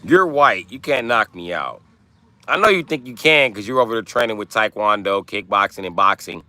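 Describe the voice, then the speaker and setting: A man's voice: fairly low pitch, lively intonation, moderate pace, bright, forceful tone. A man hosting a livestream, ranting in brash, profane trash talk. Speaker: livestream host. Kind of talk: live-stream rant.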